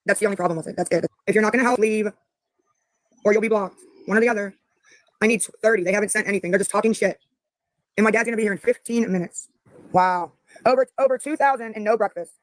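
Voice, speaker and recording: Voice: mid-range voice, fast, pauses often, no room sound, low-quality recording. A livestreamer talking to their chat, angry and profane, snapping at comments while asking for donations. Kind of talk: live stream talk to chat.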